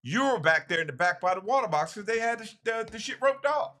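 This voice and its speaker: A man with a high, bright voice, arguing his side on a racing talk show. He talks fast over others, loud and profane, in a heated casual chat. The delivery stays animated and forceful.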